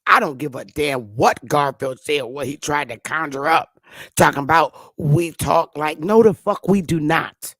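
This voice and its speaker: A woman's voice: sits low, expressive, normal speed, slightly rough, dry recording, clean studio sound. A woman host delivering an impassioned commentary monologue, blunt and emphatic, with frequent profanity.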